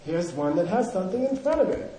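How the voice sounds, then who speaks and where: A man's voice: high-pitched, big pitch swings, fast talker, dark tone. A man teaching a language class, drilling pronunciation and joking with his students. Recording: echoey room with class audience.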